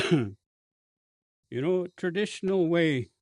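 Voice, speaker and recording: A man with a Cree accent, a bishop telling a personal story in a slow, halting way with many fillers and restarts. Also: a little high, animated, no room sound. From Canada.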